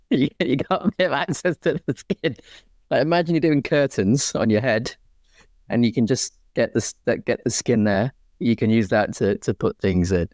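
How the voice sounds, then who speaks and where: Low-voiced joking man. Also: darkish tone, no echo, studio quality. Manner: joking, plain-spoken. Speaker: co-host. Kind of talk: casual Q&A chat.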